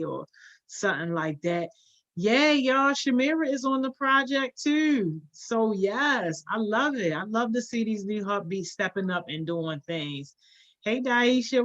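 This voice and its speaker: A woman's voice: mid-range voice, fairly bright tone, muffled recording. A woman hosting a casual live stream, greeting viewers by name and encouraging them in upbeat, slangy talk. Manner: encouraging, motivational. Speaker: host of a youth program livestream.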